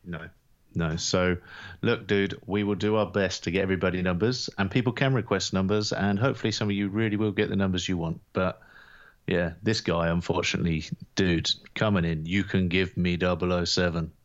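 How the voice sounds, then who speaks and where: A man's voice: low voice, steady tone, a little fast. A man co-hosting a podcast in casual chat, dropping dry, joking asides. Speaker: podcast co-host. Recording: dull lo-fi recording.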